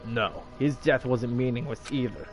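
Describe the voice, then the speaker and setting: A man's voice: medium pitch, normal speed, music in the background, pitched below the performer's own voice, natural voice. A man reading as an earnest young male student in a game, with a defiant delivery.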